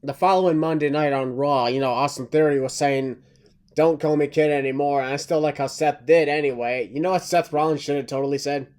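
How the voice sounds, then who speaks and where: A man hosting a wrestling review podcast, speaking in a measured way with announcer-like phrasing. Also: on the high side, steady tone, darkish tone. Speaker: podcast host. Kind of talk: casual wrestling review chat.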